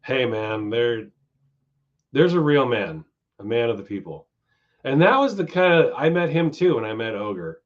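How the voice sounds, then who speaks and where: A man's voice: medium pitch, big pitch swings, unhurried. A man hosting a live stream, chatting casually with viewers, going off on tangents and swearing freely. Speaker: stream host. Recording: dull lo-fi stream audio.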